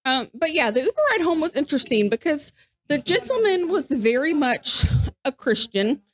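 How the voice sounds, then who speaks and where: A woman, co-hosting a podcast and telling a story in casual chat, animated and acting out what people said. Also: high-pitched, moderate pace. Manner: animated, acts out quoted voices. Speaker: podcast co-host.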